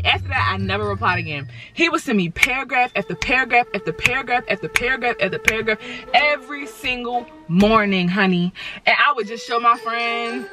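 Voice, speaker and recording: A woman's voice: fairly high pitch, pushed and bright. Sassy young woman telling a story. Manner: sassy, dramatic, talks straight to viewers. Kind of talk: casual storytime. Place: inside a parked car.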